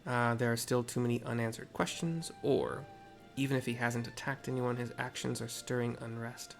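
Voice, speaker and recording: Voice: mid-range voice, fairly even intonation, moderate pace, creaky, few pauses, faint music behind. A gamer casually narrating a story game and describing what is on screen, with offhand, self-mocking asides.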